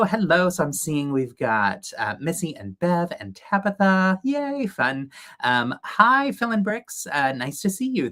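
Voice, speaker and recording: A man's voice: mid-range voice, sharp tone. A man co-hosting a casual livestream chat, upbeat and chatty with many ums, on a video call setup. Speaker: livestream co-host.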